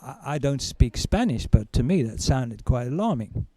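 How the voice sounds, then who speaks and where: A man doing stand-up comedy, telling a story with animated, stammering, self-mocking delivery before a live audience. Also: medium pitch, normal speed, no room sound.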